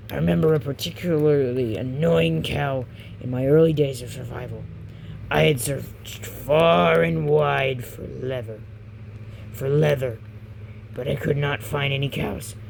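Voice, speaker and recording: A reader putting on a gruff, gravelly pirate-like fisherman who tells a tale with stumbles and self-corrections. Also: mid-range voice, a little hiss or hum, poor audio.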